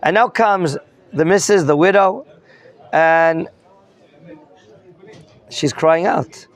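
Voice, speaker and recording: A man's voice: fairly high pitch, slow pace, long pauses. A man teaching a Torah lesson as a rabbi, questioning his students and mixing in Hebrew terms. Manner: questions the students and prompts answers.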